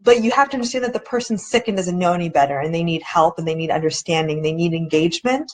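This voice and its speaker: A woman's voice: fast, darkish tone. A woman hosting a casual live video chat, talking earnestly and conversationally, often acting out what other people said and sometimes restarting as she searches for words. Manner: earnest, conversational, acts out quoted people with shifting pitch.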